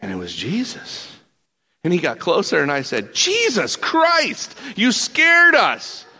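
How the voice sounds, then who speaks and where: A man plays an excitable fisherman apostle who talks like a laid-back dude, tripping over his words in his hurry to tell the next tale. His voice is bright and forward, with a gravelly fry at the ends of phrases. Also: mid-range voice, normal speed, exaggerated voice. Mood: excited storytelling. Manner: slangy, animated storyteller, stammering restarts. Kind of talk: first-person character monologue.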